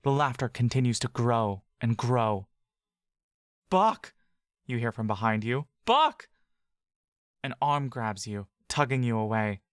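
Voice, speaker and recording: Man narrating a fantasy audiobook, middle-pitched, calm and steady, dry close mic. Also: moderate pace, hardly any pauses, no echo. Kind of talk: second-person fantasy story narration.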